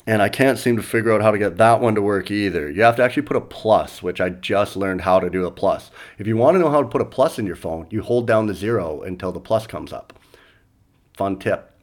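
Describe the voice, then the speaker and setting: A Canadian comedian and podcast host tells stories in a loose, rambling monologue, chuckling at his own punchlines. His voice is lowish and he talks fairly quickly.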